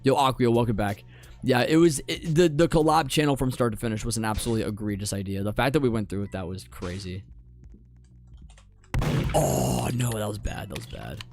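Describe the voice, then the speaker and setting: A young adult man chats loosely with his stream audience while he plays, his voice sitting at an ordinary middle pitch. He repeats himself and often sinks into quiet muttering between plays. Faint game music runs underneath. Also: expressive, a little fast, vocal fry. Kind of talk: casual live-stream chat with gameplay commentary.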